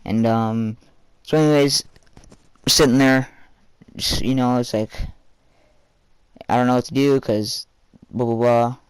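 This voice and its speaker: A man's voice: medium pitch, steady tone, a little slow, long pauses, smooth, dry recording. A teenage boy telling a rambling personal story for a vlog, full of fillers and casual swearing.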